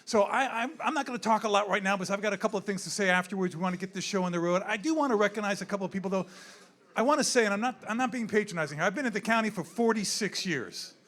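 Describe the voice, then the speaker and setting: A man's voice: sits high, very fast, a bit bright. A man in his sixties who works with zoo animals, giving a candid, rambling speech at a gala on a handheld mic. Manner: rambling, candid, repeats himself. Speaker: zoo wildlife worker speaking at a gala. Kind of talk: off-the-cuff event speech. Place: indoor event room.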